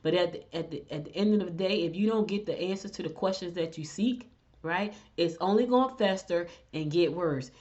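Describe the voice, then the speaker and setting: A middle-aged woman with a blend of Southern and Northern US accent, hosting and telling stories in casual chat, animated and direct. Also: lowish voice, fairly quick. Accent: mix of Southern US and Northern US. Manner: animated storyteller, chatty and direct. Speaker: host. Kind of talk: casual chat and horoscope reading. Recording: dull lo-fi recording.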